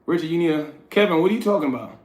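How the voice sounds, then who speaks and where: Speaking very fast in a slightly high, darkish voice, this livestream host from New York bluntly lectures his chat while reading it aloud in a casual session. Echo from a roomy space colors the audio.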